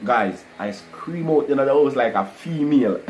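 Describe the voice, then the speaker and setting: A man telling a personal testimony to a live online audience, animated and full of "guys" and "you know". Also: medium pitch, unhurried, slight background noise, low-quality recording. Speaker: livestream host telling his testimony.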